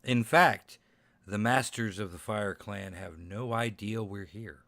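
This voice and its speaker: Guy at a tabletop game, low voice, slow and kinda hesitant, dry mic. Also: bright, forceful tone, dry recording. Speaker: player. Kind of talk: in-character tabletop play.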